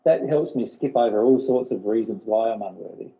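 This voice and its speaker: A man's voice: lowish voice, a little fast, dark tone, dull audio. A man leading a spiritual workshop, explaining earnestly and often repeating his words. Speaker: workshop teacher.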